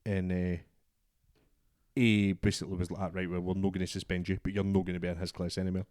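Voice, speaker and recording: A young man with a Scottish accent and a lowish voice tells a story in casual chat, swearing freely. He acts out every voice in the exchange himself. The sound is dry and close. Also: little pitch movement, quick pace, darkish tone, no echo. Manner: swears a lot, acts out both sides of a story. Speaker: podcast co-host.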